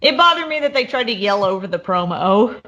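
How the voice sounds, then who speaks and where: A woman's voice: medium pitch, sing-song, fairly quick, sharp tone, dull audio. A woman co-hosting a podcast, talking casually in a rambling way with many restarts. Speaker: podcast co-host. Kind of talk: casual chat.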